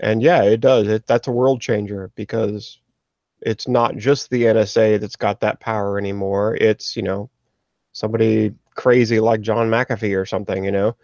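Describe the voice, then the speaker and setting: A man guesting on a casual podcast, talking in a measured, hedging way. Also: lowish voice, little pitch movement, a little mellow, dry recording, highs cut off. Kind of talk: casual discussion.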